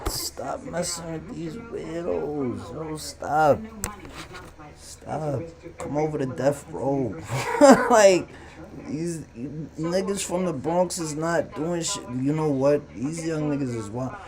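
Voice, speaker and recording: A man on the high side of the pitch range hosts a live stream, taking his time while crowd noise plays around him. In a casual commentary monologue, he rants loosely and profanely, with animation, about relationships and social media.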